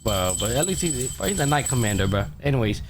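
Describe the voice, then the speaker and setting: A man's voice: mid-range voice, very animated, quick pace, background noise. A man hosting a podcast, casually retelling an anime episode in a loose, profane way full of fillers. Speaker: podcast host. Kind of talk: casual anime recap chat.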